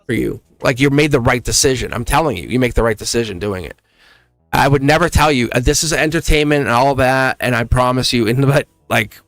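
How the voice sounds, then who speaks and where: With no room sound in the recording, a mid-range-voiced man runs a live tarot reading. He talks in an excited, chatty way, laughs a lot, and acts out voices while reading the cards.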